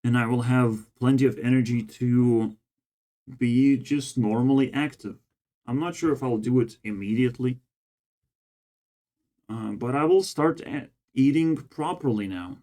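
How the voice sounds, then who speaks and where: Worn out and frustrated, a vlogger delivers a casual, rambling monologue to camera full of profane, exasperated ranting. He speaks unhurriedly in a mid-range voice with a dark tone.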